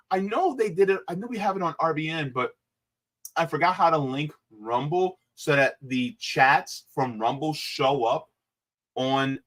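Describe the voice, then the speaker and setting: Male livestream host, loose and chatty, middle pitch. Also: fairly bright tone. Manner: chatty, loose and rambling, with frequent fillers. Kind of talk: casual livestream chat.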